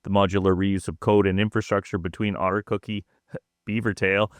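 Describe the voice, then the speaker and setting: A man co-hosting a cybersecurity podcast, reading prepared intel notes in a dry, steady way. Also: fairly low pitch, fairly quick, no echo. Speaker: podcast co-host.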